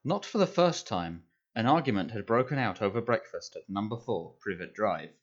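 A man reading an audiobook aloud in a measured storytelling manner. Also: fairly low pitch, expressive. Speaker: audiobook narrator. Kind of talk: scripted narration. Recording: dull lo-fi audio.

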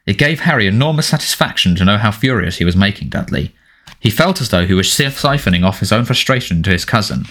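Low-voiced man reading a story. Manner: expressive, dramatic reading. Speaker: audiobook narrator. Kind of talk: storybook narration.

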